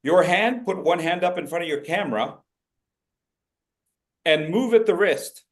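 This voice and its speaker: A man's voice: high-pitched, lively intonation, measured pace. A man leading an interactive public speaking workshop over a video call, coaching participants by name and acting out gestures with playful voices.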